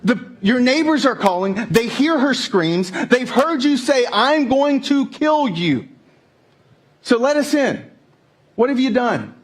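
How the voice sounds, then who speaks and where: A pastor putting on a pushy police officer. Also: male voice, extremely high pitch, sing-song, takes it slowly, voice pushed up, heavily acted. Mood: insistent. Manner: insistent, demanding questions. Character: gruff male police officer, pressing hard.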